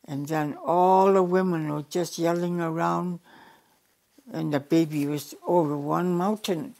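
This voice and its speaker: Older woman, low-pitched, from the Yukon, oral storyteller, unhurried with frequent restarts. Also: steady tone, gravelly, darkish tone. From Yukon, Canada. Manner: unhurried, restarts and repeats words, plain direct phrasing. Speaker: elder storyteller.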